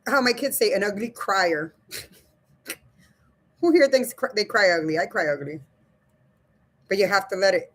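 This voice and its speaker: A woman's voice: medium pitch, expressive, a little slow, long pauses. Candid woman chatting to her stream. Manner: reads viewer comments aloud and talks straight to the chat; blunt, swears casually, laughs often. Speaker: livestream host. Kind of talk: casual livestream chat about grief.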